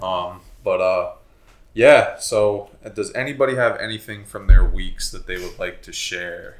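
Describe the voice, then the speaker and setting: A man's voice: low voice, unhurried, roomy sound. A young man from co-hosting a podcast, joking crudely and laughing at his own lines. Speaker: podcast co-host. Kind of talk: casual chat.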